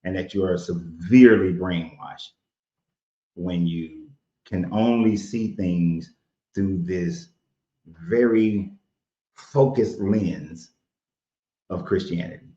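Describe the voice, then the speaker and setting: A man's voice: low-pitched, takes it slowly, long pauses, mellow. Blunt, combative man host. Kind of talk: heated debate. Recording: roomy, dull sound.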